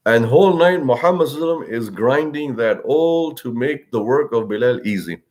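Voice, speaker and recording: A man's voice: animated, moderate pace, a little mellow. A man giving a religious lesson as a story, in a conversational way with many "you know" fillers, acting out the quoted speech. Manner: acts out quoted speech with big pitch swings. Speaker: religious teacher.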